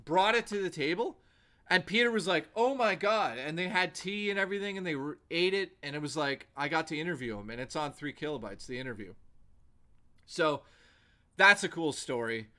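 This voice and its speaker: A man's voice: on the high side, fairly quick, bright, forceful tone. A male livestream host telling rambling, profane anecdotes in a casual way, with lots of "like" fillers.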